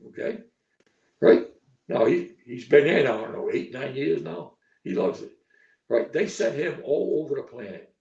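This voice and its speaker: Blunt gravelly older coach, echoey lo-fi. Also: male voice, mid-range voice, animated, normal speed, a little mellow. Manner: blunt, profane, repetitive with frequent "okay?" and "right?". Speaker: football coach guest. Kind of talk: podcast interview talk. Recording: echoey distant lo-fi stream audio.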